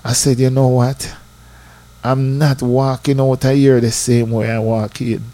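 A man with a Jamaican accent telling a personal church testimony in a lively storytelling way, slipping into patois. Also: medium pitch, unhurried. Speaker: church member giving testimony.

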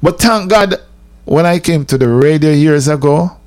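A man's voice: on the high side, moderate pace, a little mellow. A man with a Jamaican accent, a radio host giving an emphatic casual monologue that mixes patois with English.

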